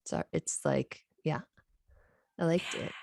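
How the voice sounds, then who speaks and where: A woman with a lowish voice co-hosts a podcast, recorded close and dry. She talks things through thoughtfully and acts out what others said to her. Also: steady tone, slow pace, creaky, darkish tone, no room sound. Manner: thoughtful, quotes others animatedly. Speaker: podcast co-host. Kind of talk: casual conversation.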